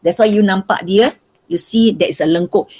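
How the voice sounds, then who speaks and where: This maths teacher, a woman with a Malaysian accent, has a medium-pitched voice that is fairly quick, a little mellow and husky, captured in a rough recording. During her online revision lesson she coaxes students, asking the same questions over and over.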